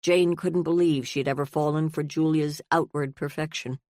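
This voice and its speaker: An audiobook narrator reading a novel in an even, steady voice. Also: medium pitch, moderate pace, dry recording, studio quality. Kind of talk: scripted narration.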